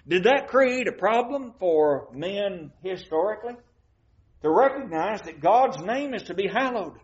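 A man preaches to his congregation, dwelling on scripture and pausing to ask the room questions. His voice sits fairly high for a man, and the recording is muffled and dull. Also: darkish tone. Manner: reads scripture slowly, asks the congregation questions. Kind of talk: sermon.

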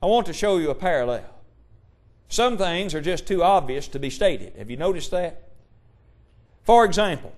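Male preacher, fairly high voice, emphatic sermon delivery, pressing rhetorical questions. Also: very animated, normal speed, pauses often. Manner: quotes scripture in old-fashioned wording.

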